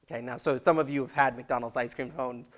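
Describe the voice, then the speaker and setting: A pastor giving a sermon in church, chatty and conversational, laughing often and asking the congregation questions. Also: male voice, medium pitch, steady tone, fairly quick, a bit bright.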